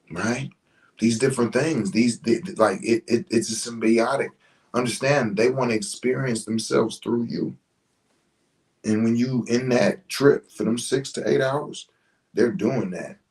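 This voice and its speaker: A man hosting a casual spiritual talk, speaking in an animated, slangy way, swearing and often asking "you know what I'm saying". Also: medium pitch, rough recording. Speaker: podcast host.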